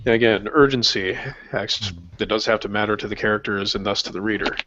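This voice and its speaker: Wry low-voiced man on a noisy call. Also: fairly even intonation, quick pace, sharp tone. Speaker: podcast panelist. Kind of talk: casual podcast chat. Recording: dull lo-fi call with faint noise.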